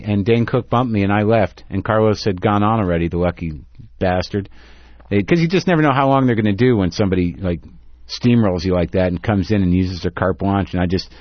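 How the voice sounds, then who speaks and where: A man's voice: fairly low pitch, no echo, dull audio. A man hosting a radio talk show, rambling in a sarcastic, casual way with lots of restarts.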